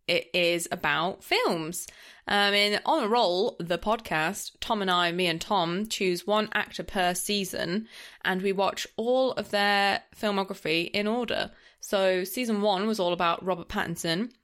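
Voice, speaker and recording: A woman's voice: medium pitch, fairly bright tone. A woman, co-hosting a film podcast in casual chat, talking loosely with lots of "like" and frequent laughs. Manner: chatty, laughs often, trails off with "like". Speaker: podcast co-host.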